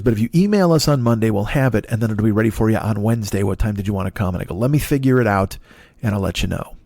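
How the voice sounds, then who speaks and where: A comedian in his forties hosts his own podcast, rambling through a profane, self-deprecating monologue from his dark apartment. His voice is medium-pitched, with clean studio sound and no room echo.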